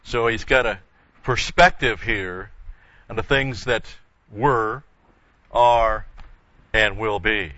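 An older man teaches a Bible study at an unhurried, deliberate pace, his low voice bright and forceful as he restates key points for emphasis. He explains carefully, often restarting mid-phrase. The recording is dull and lo-fi with a dry, close sound. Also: steady tone, dry recording. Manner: measured, explanatory, with frequent restarts and emphatic repetition.

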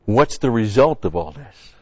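A man's voice: mid-range voice, lively intonation, measured pace, a little mellow, husky, no echo. A man preaching a sermon-style Bible teaching in a conversational, folksy way, repeating key phrases. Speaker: pastor. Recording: dry, dull lo-fi sound.

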